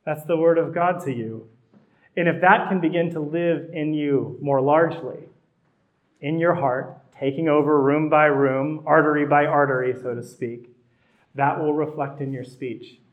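A man's voice: a little high, fairly even intonation, measured pace, narrow, tinny audio. A middle-aged man, a pastor, preaching a sermon in a conversational way that builds to emphatic repetition.

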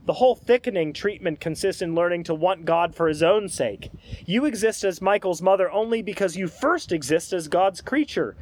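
A man reading aloud as the calm spirit of a redeemed man, patient and earnest. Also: high-pitched, moderate pace. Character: calm redeemed man's spirit, gently correcting. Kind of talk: read-aloud scene in a sermon.

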